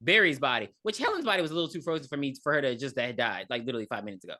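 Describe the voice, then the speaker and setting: A woman's voice: rumbling low, big pitch swings, very fast, bright, forceful tone. A woman co-hosting a podcast, reviewing a movie in casual chat, blunt and profane, laughing often. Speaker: podcast co-host.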